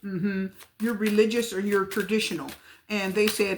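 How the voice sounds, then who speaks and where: A woman's voice: a little high, fairly even intonation, normal speed, slight background noise. A woman giving a pick-a-card tarot reading to her viewers, chatty and repetitive, talking straight to them. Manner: chatty, repeats herself, talks straight to viewers. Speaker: tarot reader.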